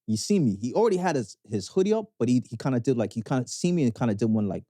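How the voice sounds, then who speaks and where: Lively Canadian man with a mellow voice. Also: racing, dry recording, clean studio sound. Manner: expressive storyteller, drops into low voices for quotes. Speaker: podcast co-host. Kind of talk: casual storytelling chat.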